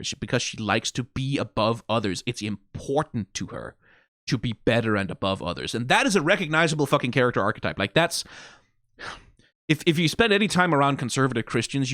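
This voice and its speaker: A man giving casual, profane commentary as a video reviewer, animated and prone to mocking impressions. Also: mid-range voice, dry recording, studio quality.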